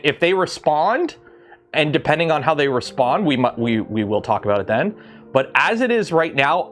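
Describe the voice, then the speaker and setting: A man's voice: mid-range voice, fairly bright tone. A man from Canada hosting a casual livestream in his garage, rambling and breaking off to answer chat as he works. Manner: rambling, self-interrupting, reads chat aloud. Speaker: livestream host. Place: home garage.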